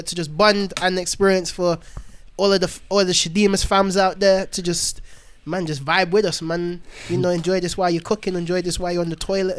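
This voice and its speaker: A man co-hosting a podcast in casual chat, enthusiastic, full of slang and quick to laugh. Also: high voice. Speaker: podcast co-host.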